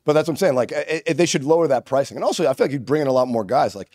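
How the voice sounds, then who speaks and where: A man's voice: medium pitch, animated, very fast, darkish tone, dry recording. A man hosting a podcast in a studio, bantering in a crude, joking way. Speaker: podcast host. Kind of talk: casual chat.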